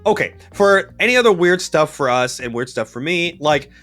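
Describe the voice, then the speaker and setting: A man co-hosting a casual chat, giving game-running advice in an animated way and often tagging his sentences with "right?". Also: fairly high pitch, normal speed, soft background music.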